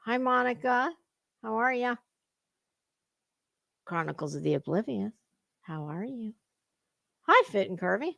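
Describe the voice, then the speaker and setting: A woman's voice: a little high, big pitch swings, unhurried, vocal fry, pauses often, a bit bright, no echo, clean studio sound. A woman hosting a casual livestream, greeting viewers in chat and talking in a salty, chatty way with cusswords. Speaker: livestream host.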